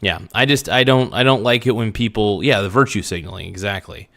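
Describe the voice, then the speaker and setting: Talking a little fast in a creaky, fairly bright voice on the low side, a young livestreamer unloads on his chat in a casual, profane rant, frequently starting over mid-thought.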